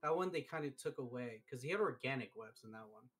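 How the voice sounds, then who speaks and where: A man hosting a live stream, chatting casually and telling stories excitedly, with lots of fillers. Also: mid-range voice, fast talker. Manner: excitable, animated storytelling with many fillers. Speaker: streamer host. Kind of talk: casual chat.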